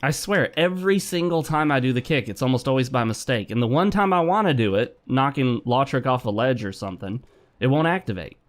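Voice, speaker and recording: A man's voice: mid-range voice, animated, brisk. Chatty man commentating a game. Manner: chatty, easily frustrated rants. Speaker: gaming commentator. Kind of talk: let's play commentary.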